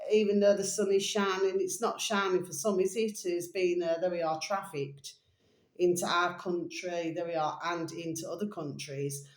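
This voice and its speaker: A woman chatting in a rambling, affectionate way to her viewers, circling back to the same pet phrases. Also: lowish voice. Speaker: vlogger. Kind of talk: casual rambling to-camera vlog. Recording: echoey room.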